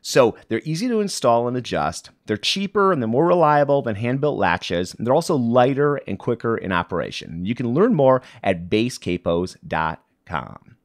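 Upbeat podcast host man, lively pitch. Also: normal speed. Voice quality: animated, swinging pitch. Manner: chatty and upbeat, with asides. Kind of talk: casual news rundown.

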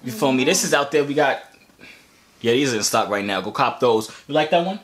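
A man's voice: medium pitch, animated, brisk, a crowd in the background. A young man hosting a casual vlog with his little brother, teasing and laughing often. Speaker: vlogger, older brother.

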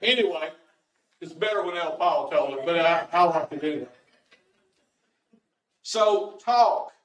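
A pastor with a high voice, delivering a homespun sermon full of jokes and stories. The sound is roomy and echoes through a church. He sits some distance from the microphone. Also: animated, unhurried, a bit bright, slight background noise. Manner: homespun, storytelling. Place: church sanctuary.

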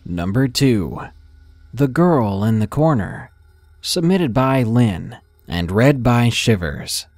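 A man reading a first-person horror story in a measured, dramatic narration style. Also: mid-range voice, expressive, darkish tone, dry recording.

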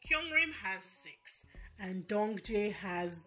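A woman giving a casual, animated recap of a competition show, telling the story quickly with fillers and quick asides. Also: medium pitch, soft background music. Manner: animated, fast storytelling with fillers and acted quotes. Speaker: recap vlogger.

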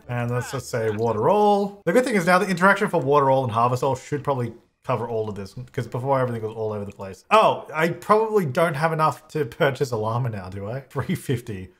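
A man hosting a gaming video, giving upbeat, chatty gameplay commentary and thinking out loud. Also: medium pitch, lively intonation, fast. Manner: chatty, upbeat, thinks aloud, laughs often.

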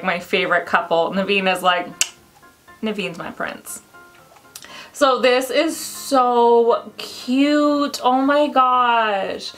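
A woman chatting to viewers while unboxing, gushing and excitable and squealing with delight. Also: on the high side. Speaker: unboxing vlogger. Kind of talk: casual unboxing chat to viewers.

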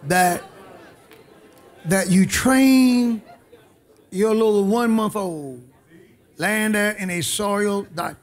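A man preaching from the pulpit in a high, ringing voice. He takes his time, drawing lines out slowly. He rises to shouts, drops to low asides and calls on the congregation to answer. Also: a faint crowd. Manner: emphatic, swings from shouting to quiet asides, call-and-response. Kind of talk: sermon.

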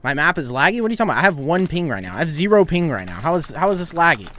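A man's voice: fairly high pitch, big pitch swings, fast, a bit bright. Chatty young man streaming a game. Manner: chatty, laughs often, reads donations aloud. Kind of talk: casual live-stream chat while gaming.

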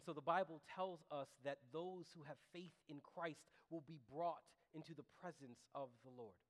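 A man preaching a sermon as pastor, using repeated refrains, sometimes dropping to a quiet voice and sometimes building up with force. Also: sits high, in a large hall.

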